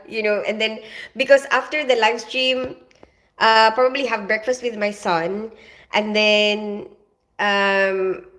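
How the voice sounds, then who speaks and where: A middle-aged woman of half Filipino, half British background chats on a live stream in a fairly high, slightly bright voice. She rambles, greets viewers by name, reads their comments aloud, and leans heavily on "you know" and "like."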